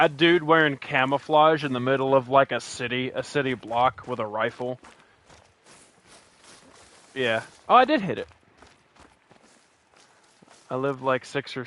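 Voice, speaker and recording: Streaming a hunting game, this man from West Virginia jokes and rambles in his West Virginian accent, often starting sentences over. His casual commentary comes in a mid-range voice with a fairly bright tone.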